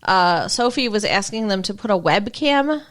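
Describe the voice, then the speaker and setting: A woman's voice: medium pitch, animated, normal speed, fairly bright tone. Chatty sarcastic female podcast co-host. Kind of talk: casual recap chat.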